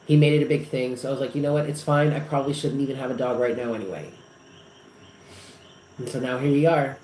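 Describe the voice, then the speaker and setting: A man's voice: mid-range voice, fairly even intonation, fast talker, darkish tone. Man, casual live-stream chat, rambling and emotional, lots of fillers, echoey room. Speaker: psychic reader hosting a live stream. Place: apartment. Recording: echoey room with faint noise.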